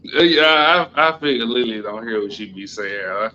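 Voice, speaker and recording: A man's voice: medium pitch, expressive, moderate pace, bright, forceful tone, highs cut off, a little hiss or hum. A man hosting a casual group chat, teasing the others and stammering with repeated words.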